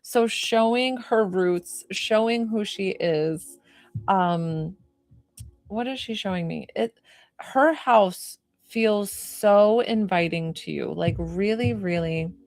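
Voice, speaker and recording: Woman, spiritual medium reading, emotional and gushing, slow pace, mid pitch. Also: darkish tone, no echo, studio quality. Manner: effusive and emotional, many fillers.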